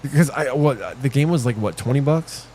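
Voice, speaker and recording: A middle-aged man streaming a video game gives casual live commentary in a mid-range voice at a moderate pace. His delivery is profane, rambling and animated, storytelling throughout, and a little hiss or hum can be heard.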